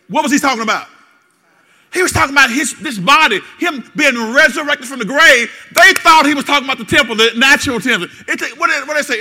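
A man's voice: extremely high pitch, expressive, brisk, sharp tone, in a large hall. A man preaching a sermon, quizzing his congregation with call-and-response questions. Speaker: pastor.

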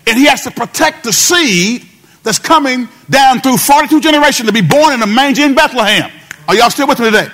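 High-pitched male pastor, call-and-response sermon, sing-song repeats. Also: lively intonation, brisk, fairly bright tone.

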